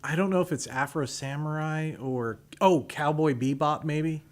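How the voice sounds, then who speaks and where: A man's voice: a little high, moderate pace. A man as a guest on a radio show, chatting casually with hesitant restarts.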